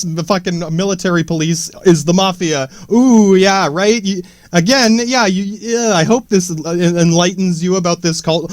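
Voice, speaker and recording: A man's voice: sits high, dry recording, studio quality. A young man hosting a podcast, riffing on a movie in a meandering, profane way full of restarts and asides. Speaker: podcast host. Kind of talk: rambling commentary on a movie.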